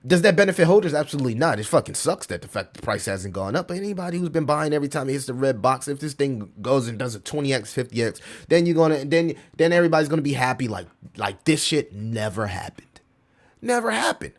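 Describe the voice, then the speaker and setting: Animated slangy male streamer. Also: mid-range voice, fast talker, few pauses. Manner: animated, slangy, swears, reads chat aloud. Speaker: crypto livestream host. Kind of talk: casual livestream chat.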